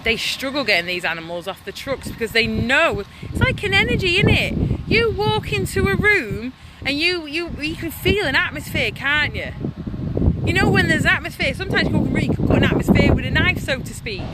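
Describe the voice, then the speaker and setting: A woman's voice: high voice, lively intonation, moderate pace, very noisy. A woman activist delivering an angry, impassioned vlog monologue outdoors by a slaughterhouse in the hail and rain. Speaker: animal rights activist.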